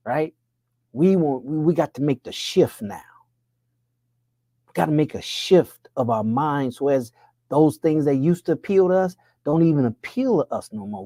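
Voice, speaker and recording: A man's voice: warm tone, no echo. 50s black dude preaching money talk, lots of rhetorical questions, voice jumps way up when he pushes, dry close mic. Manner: preacher-like, rhetorical questions, pitch swings up when pressing a point. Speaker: money coach.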